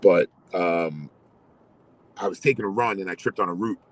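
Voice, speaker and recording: Husky middle-aged New man. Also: low voice, normal speed, low-quality recording. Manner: animated, swearing, storytelling with quoted voices. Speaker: host. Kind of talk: casual storytelling chat.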